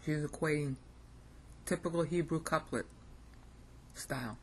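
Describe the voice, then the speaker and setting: A woman's voice: sits low, unhurried, long pauses, slight background noise. A woman with an American accent giving an informal recorded lesson, thinking aloud and often checking in with "okay?". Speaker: language teacher.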